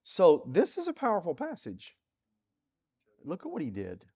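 Man, preacher, sermon, lively rising and falling pitch, rhetorical questions. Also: normal speed, slightly rough. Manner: expository Bible teaching, rhetorical questions, dynamic loudness swings.

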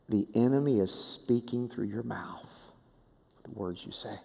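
A man preaching a sermon as pastor, swinging dramatically from hushed low phrases to raised, emphatic ones and repeating rhetorical questions. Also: moderate pace, gravelly, big-room sound.

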